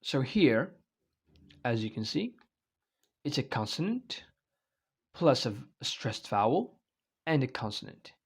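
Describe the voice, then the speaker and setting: A man's voice: mid-range voice, very animated, measured pace, long pauses, breathy edge. A man giving an online English grammar lecture, explaining step by step and checking in often with "okay?" and "right?". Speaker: English teacher.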